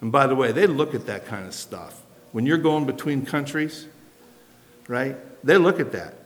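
An American man preaching a sermon in an animated, conversational way, asking rhetorical questions. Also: mid-range voice, normal speed. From United States. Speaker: pastor. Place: church sanctuary. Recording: long hall reverb.

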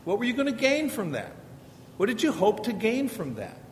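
Speaking at a normal speed, this middle-aged man's pitch swoops wildly as he teaches an informal parenting lesson drawn from the Bible. His style is conversational, with rhetorical questions asked again and again, recorded in an echoing hall with a faint rumble.

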